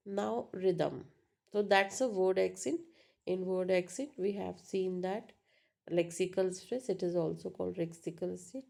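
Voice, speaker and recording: Slow-talking woman. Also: lowish voice, gravelly, warm tone. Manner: explains slowly, repeats words, checks with "right?". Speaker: English teacher. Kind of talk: online lecture.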